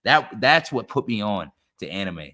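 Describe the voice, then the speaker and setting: Excitable young man, low voice. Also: moderate pace. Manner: animated, swears freely, excitable. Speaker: podcast co-host. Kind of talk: casual chat.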